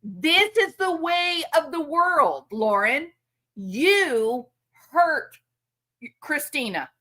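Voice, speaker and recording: Woman, commentary host, outraged, sarcastic, bright tone, unhurried. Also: high voice, very animated. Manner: outraged, sarcastic, addresses her subject directly. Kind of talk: indignant commentary monologue.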